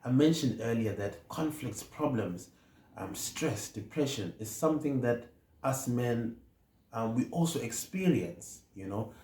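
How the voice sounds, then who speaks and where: A man with a South African accent, a counselling psychologist, telling a personal story in a measured, hesitant way with many fillers. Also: medium pitch, animated, mellow. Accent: South African English. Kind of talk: reflective personal talk. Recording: echoey room with faint noise.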